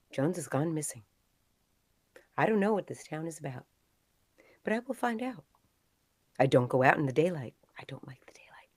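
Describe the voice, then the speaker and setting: A woman playing a paranoid, secretive agent who speaks in clipped, suspicious lines and swings between loud outbursts and whispers, over a video call. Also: deep voice, no echo. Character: paranoid secretive agent hunting a missing partner. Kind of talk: improv comedy character.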